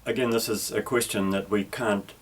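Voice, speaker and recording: Lesson narration: lower-pitched male teacher, patient, methodical, unhurried explanations. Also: steady tone, husky, low-quality recording. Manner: patient, careful, with small restarts. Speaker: Greek teacher.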